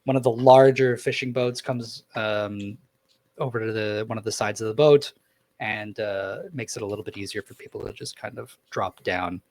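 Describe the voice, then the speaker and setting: A man's voice: on the low side, normal speed, darkish tone. A young man narrating as dungeon master in a tabletop game, describing scenes loosely with many fillers.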